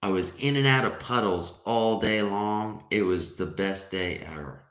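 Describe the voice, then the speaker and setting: A man's voice: on the low side, measured pace, fairly bright tone. A man voicing a contented male duck in a joke he tells, gushing about a great day. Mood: delighted. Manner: upbeat, gushing. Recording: roomy echo.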